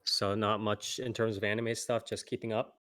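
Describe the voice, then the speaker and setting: A man's voice: fairly low pitch, level tone, moderate pace, a bit bright. A man hosting a podcast, steering the casual chat with short prompts and check-ins.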